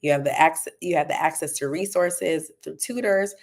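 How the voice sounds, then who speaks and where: A woman's voice: low voice, moderate pace. A woman running a parenting talk, encouraging and checking in with her listeners as she promotes her tutoring company. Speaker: parenting coach and tutoring business owner.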